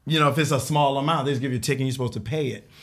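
Speaking very fast at medium pitch, a man in his 40s spins a long personal tale on a podcast panel. He's animated, acts out the quoted voices of the people in it, and laughs throughout the casual telling.

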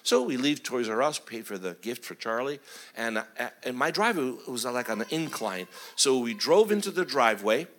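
A middle-aged man, a pastor, telling family stories in a sermon, animated and chuckling as he acts out the voices. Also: medium pitch, a little fast. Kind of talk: sermon storytelling.

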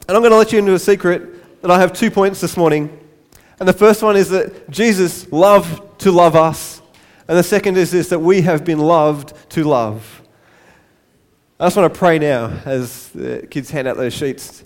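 High-voiced man preaching a sermon. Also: normal speed. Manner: light-hearted, self-deprecating asides. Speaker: pastor.

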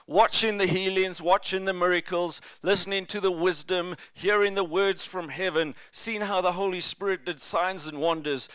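A man's voice: high voice, smooth, dry recording, clean studio sound. A male pastor preaching a sermon in a church, telling stories and slipping in jokes. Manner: jokey, lively storytelling preacher.

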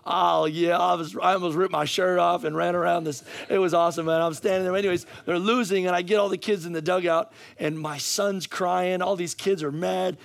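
A middle-aged male pastor preaching a sermon with a hoarse, worn voice, swinging from casual asides to fired-up, near-shouted emphasis. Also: high-pitched, a little fast, hardly any pauses. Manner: energetic, rising to near-shouting, conversational asides. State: hoarse, losing his voice.

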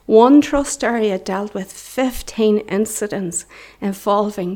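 A woman's voice: medium pitch, slow, hardly any pauses, warm tone. A middle-aged woman with a Northern Irish accent speaks to a church congregation. Her preaching is earnest and impassioned, and at times she falls to a near whisper. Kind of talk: preaching testimony.

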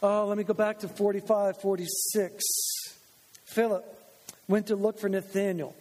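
A man's voice: sits high, level tone, moderate pace, mellow, some chatter behind. A man preaching a sermon as pastor in a church, conversational and acting out quoted voices. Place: church sanctuary. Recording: long church reverb.

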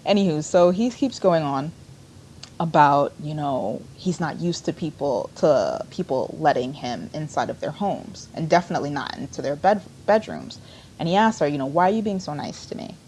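Woman with a really low voice rambling thru a show recap, faint rumble behind. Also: expressive, moderate pace, a little mellow. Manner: rambling, conversational storytelling with frequent fillers. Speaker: podcast co-host recapping a TV episode. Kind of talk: casual recap chat.

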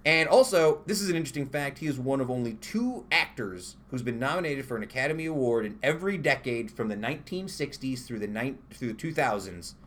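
A man's voice: medium pitch, animated, brisk, hardly any pauses, a bit bright. Chatty man reading history trivia. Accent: Upstate New York. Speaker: podcast co-host. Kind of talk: casual podcast chat.

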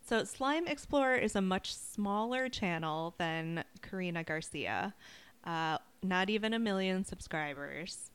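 Smooth-voiced woman podcast co-host. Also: lowish voice, animated, a little slow, fairly bright tone. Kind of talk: casual chat.

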